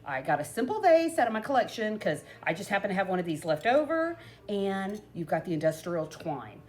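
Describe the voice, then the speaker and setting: A woman's voice: mid-range voice, sing-song, brisk, darkish tone. A middle-aged woman chatting through a crafting tutorial, bubbly and rambling, laughing often between asides. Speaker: crafting vlogger.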